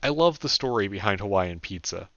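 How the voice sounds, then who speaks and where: A man's voice: lowish voice, animated, fairly quick, fairly bright tone, no echo. A man voicing a candid young man who rambles casually and swears freely, in an audiobook. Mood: rambling. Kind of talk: audiobook character voice. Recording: dull dry lo-fi recording.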